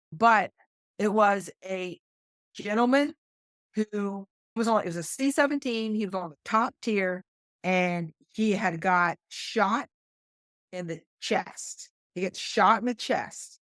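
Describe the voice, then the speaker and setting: A middle-aged woman with a West Virginia accent, a combat flight nurse telling a story as a podcast guest, animated and acting out what others said. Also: mid-range voice, unhurried, dry recording, clean studio sound. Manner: animated, quotes others in lively voices. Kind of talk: conversational storytelling.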